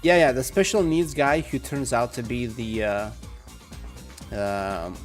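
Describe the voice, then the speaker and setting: A young man with a calm, soft-spoken manner chatting casually with viewers while playing a game at home. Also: mid-range voice, a little slow, soft background music. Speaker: gaming streamer. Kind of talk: casual live game commentary. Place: home room.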